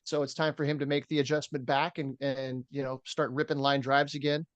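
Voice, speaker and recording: In a dry recording with the highs cut off, a podcast co-host speaks a little fast at medium pitch. He's casually chatting baseball, reading off stats steadily with lots of fillers.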